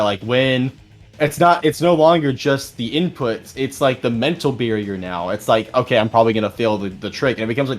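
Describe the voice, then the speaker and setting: A young man giving relaxed, chatty commentary on a live-streamed gaming tournament. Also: mid-range voice. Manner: easygoing, chatty, lots of fillers.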